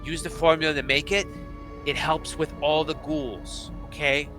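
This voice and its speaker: A man voicing an excitable, eccentric tiny male kobold king with shrill exclamations. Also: moderate pace, over music, close to an everyday voice. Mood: earnest.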